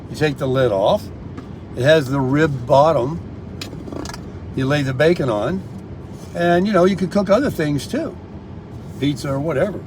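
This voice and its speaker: A man's voice: a little high, slight background noise. A man chatting rambly to viewers, calling them folks, recorded outdoors on a phone. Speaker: vlogger. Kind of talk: casual vlog chat. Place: outdoors in a sunny town.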